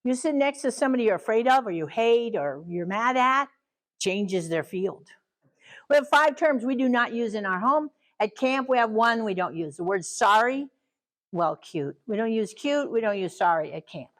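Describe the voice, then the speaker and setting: A middle-aged woman leading a training talk for caregivers, animated and lively, acting out children and parents in quick asides. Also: on the high side, rough recording.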